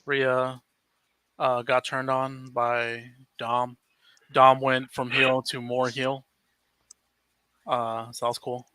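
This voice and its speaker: A man's voice: medium pitch, little pitch movement, pushed and bright, smooth, no echo. A man co-hosting a casual podcast chat, easygoing and chatty. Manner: easygoing, chatty, quick asides. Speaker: podcast co-host.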